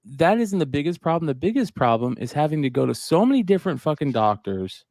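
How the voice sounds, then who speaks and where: A man in his forties co-hosting a podcast, relaxed and sympathetic, chatting in casual slang. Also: fairly high pitch, quick pace, dry recording, studio quality. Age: 40s. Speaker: podcast co-host.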